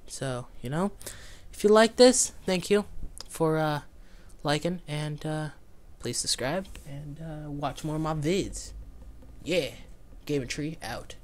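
A man giving excitable let's play commentary, whooping and shouting at the game. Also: fairly high pitch, slow. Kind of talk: gameplay commentary. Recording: noisy home recording with clicks.

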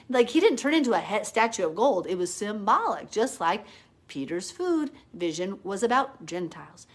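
A woman giving a live-streamed Bible teaching, fervent and emphatic, arguing her points with rising intensity. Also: mid-range voice. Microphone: phone or webcam, live stream.

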